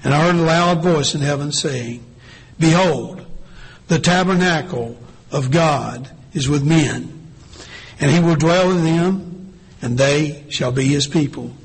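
Male pastor, husky slightly raised voice, slow measured sermon delivery. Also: a little high, rough recording. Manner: slow, deliberate preaching with drawn-out pauses.

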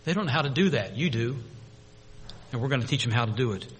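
A man preaching a sermon to his congregation, swinging between loud proclamation and hushed, intimate storytelling. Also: medium pitch, lively intonation, quick pace, husky, in a large hall. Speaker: pastor.

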